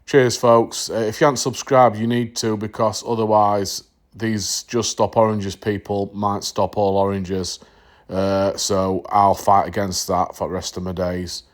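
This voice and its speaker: A man's voice: lowish voice, level tone, unhurried. Jokey man vlogging. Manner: jokey, mock-outraged, drops "the". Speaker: model railway vlogger. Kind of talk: casual chat to camera.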